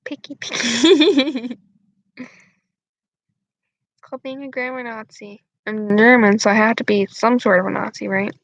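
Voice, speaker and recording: Young female channel host, chatty and giggly, mid pitch, dry recording. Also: little pitch movement, normal speed, long pauses, fairly bright tone, no room sound, low-quality recording. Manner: giggly, lots of "like" fillers. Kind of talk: casual rambling chat.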